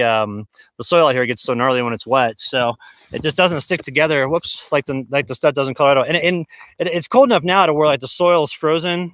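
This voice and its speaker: A vlogger livestreams off-grid camping, walking around outdoors in snow and inside a large tent. He talks casually and rambles with many fillers and restarts in a fairly high, fairly bright male voice, and the recording is dry.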